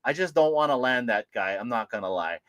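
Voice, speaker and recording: A man co-hosting a casual livestream about collectibles, animated and laughing often as he greets viewers by name. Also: medium pitch, a little fast, no echo. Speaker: livestream co-host.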